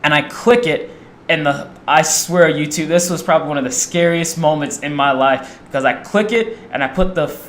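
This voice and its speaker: A man's voice: a little high, normal speed, a little hiss or hum. A young man casually telling a rambling personal story to camera, acting out the people in it. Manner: rambling, animated, acts out quoted voices. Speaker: storyteller vlogger.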